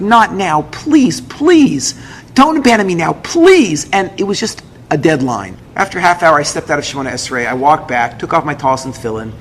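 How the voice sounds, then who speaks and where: Male rabbi telling his story with feeling, a bit high-pitched, faint hiss behind. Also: a bit bright. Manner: emotional storytelling, acts out others' lines. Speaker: rabbi and speaker. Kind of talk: personal story told to an audience. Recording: echoey hall with faint noise.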